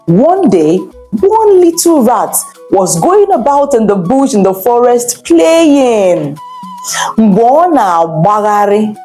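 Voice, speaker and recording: A woman's voice: medium pitch, warm tone. A woman teaching children, telling a bilingual story with chatty, encouraging asides.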